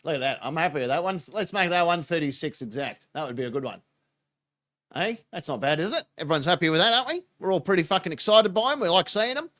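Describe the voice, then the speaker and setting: A man's voice: a little high, animated, fast talker, sharp tone. A man, giving crude, mocking reaction commentary and laughing often. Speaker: reaction channel host.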